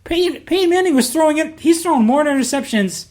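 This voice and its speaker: A man's voice: very high voice, animated, darkish tone. A man co-hosting a casual sports podcast, talking in a heated, emphatic rant. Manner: heated ranting, quick and emphatic. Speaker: podcast co-host.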